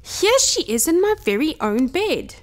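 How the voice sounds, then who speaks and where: A woman voicing a tiny baby bear with a thin, squeaky voice in a storybook reading. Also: sing-song, measured pace. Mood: upset.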